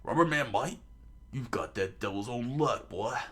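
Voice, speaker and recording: A man voicing a blustering, cowardly male villain who shouts and panics. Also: medium pitch, expressive, normal speed, voice pushed up, lightly acted. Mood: mocking.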